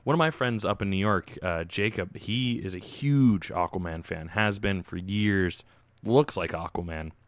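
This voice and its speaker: A man co-hosting a podcast, talking in halting, enthusiastic casual chat. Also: sits low, no echo. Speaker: podcast co-host.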